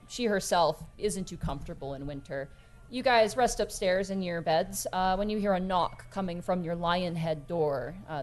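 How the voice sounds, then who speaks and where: A woman running a tabletop game as game master, relaxed and full of fillers, trailing off softly at phrase ends. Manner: relaxed, lots of fillers, drops low and soft at phrase ends.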